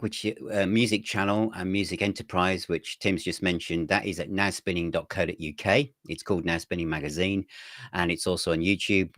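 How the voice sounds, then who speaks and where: A man, a magazine editor, chatting as an interview guest and telling his story in a relaxed, rambling way. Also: low-pitched, dry recording, clean studio sound. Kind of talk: casual interview chat.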